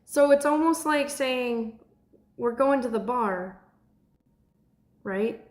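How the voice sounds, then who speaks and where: Slow-talking young woman, echoey room. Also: fairly high pitch. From Texas. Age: 20s. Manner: chatty, laughs often, breaks into excited shouts. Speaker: livestream host. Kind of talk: casual livestream chat.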